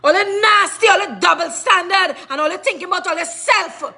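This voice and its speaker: High, furious Trinidadian woman ranting. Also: brisk, gravelly, pushed and bright. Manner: furious, cursing, repetitive questioning. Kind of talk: angry rant to camera.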